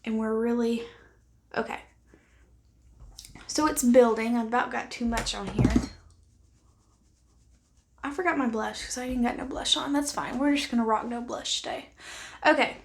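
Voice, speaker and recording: Woman doing a makeup try-on vlog, kinda high voice, talks to the camera while she works, goes quiet and whispery when she concentrates. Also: steady tone, normal speed, pauses often. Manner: chatty and candid, thinking aloud while applying makeup. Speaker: beauty vlogger.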